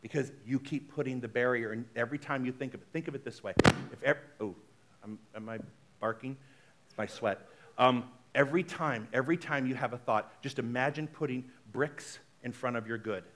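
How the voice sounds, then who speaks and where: A man giving a sermon as a minister, talking in a chatty, animated way and speaking straight to the congregation. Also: medium pitch, brisk, slight background noise. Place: spiritual center service.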